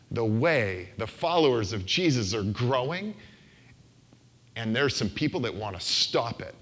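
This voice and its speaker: A man's voice: mid-range voice, a bit bright. A man preaching a sermon into a microphone in a conversational, playful way, sometimes acting out quoted voices. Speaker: pastor. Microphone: handheld microphone.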